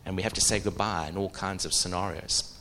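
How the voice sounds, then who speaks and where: A middle-aged man preaching a sermon, animated, asking the audience questions. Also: sits low, a little fast, a little hiss or hum.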